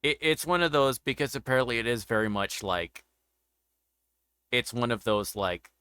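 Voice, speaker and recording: Bright, crisp-voiced man rambling. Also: mid-range voice, animated, normal speed. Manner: rambling, meandering explanations. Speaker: interview show host. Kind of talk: casual chat on a livestream.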